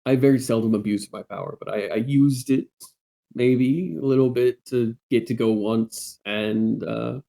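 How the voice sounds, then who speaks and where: A man voicing his character, a gruff former head of military, talking haltingly and earnestly. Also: medium pitch, steady tone. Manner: halting, plainspoken, gently earnest. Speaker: player.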